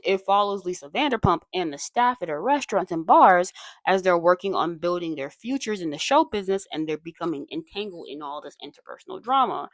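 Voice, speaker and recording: A woman's voice: medium pitch, dry recording. A woman hosting a casual commentary video essay, chatty and digressive with many asides, her voice a little tired and strained. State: voice tiring and strained.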